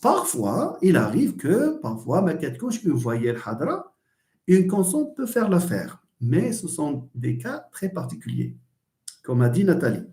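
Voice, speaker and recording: A man with a Moroccan accent giving an online class lecture, animated and switching between English, French and Arabic, asking and answering his own questions. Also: a little high, brisk, echoey room.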